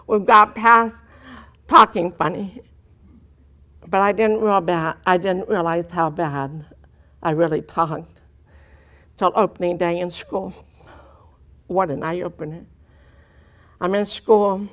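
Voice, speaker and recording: A woman's voice: on the low side, fairly even intonation, slow pace, long pauses, a bit bright. A deaf woman giving a personal testimony to an audience, telling her story earnestly with dry humor. Her speech has unusual vowels and articulation that listeners often mistake for a foreign accent.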